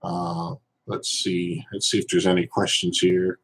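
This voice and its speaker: Man hosting a casual live stream, husky and lowish voice, loose and rambling, jokes with chat. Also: flat delivery, a little slow, a bit bright, rough recording. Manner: rambling, loose, with many fillers and restarts, joking with viewers. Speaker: reseller vlogger.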